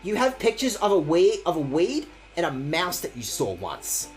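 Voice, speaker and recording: With wildly swooping pitch and a moderate pace, a streamer rambles through let's-play commentary over faint background music. They swear, joke crudely, and mock themselves, all in a casual style.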